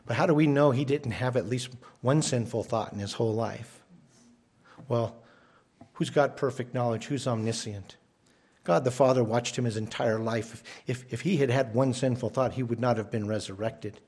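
Male pastor, sermon, emphatic, restarts phrases, mid-pitched voice. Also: moderate pace, darkish tone, breathy edge. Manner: emphatic, repeats words when starting phrases.

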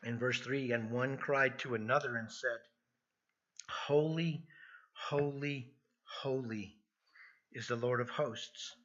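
A man's voice: medium pitch, level tone, moderate pace, hardly any pauses, sharp tone, muffled recording. A man preaching an earnest expository sermon, emphatic and prone to restarting his phrases. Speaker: pastor.

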